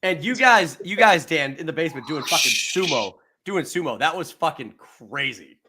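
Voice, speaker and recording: A man's voice: on the high side, expressive, normal speed, noisy background. A man co-hosting a podcast in casual chat, telling stories animatedly, laughing often and acting out what others said. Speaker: podcast co-host.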